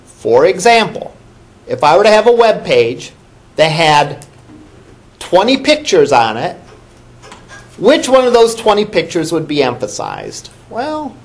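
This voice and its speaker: In a classroom lecture, a male college instructor speaks at a measured pace in a fairly high, animated voice with lots of rise and fall. He keeps things conversational, posing questions to the room and echoing the answers back.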